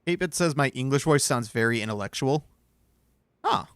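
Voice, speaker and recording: A man's voice: medium pitch, animated, normal speed, fairly bright tone, clean tone, no room sound, studio quality. A man streaming from home, chatting casually with his viewers in a rambling, self-deprecating way.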